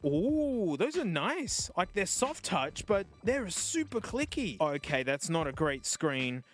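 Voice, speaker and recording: Excitable Australian man, high lively voice. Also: takes it slowly, faint music behind. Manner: excitable and wry, laughs often. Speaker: streamer reviewing phones. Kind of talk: casual unboxing commentary.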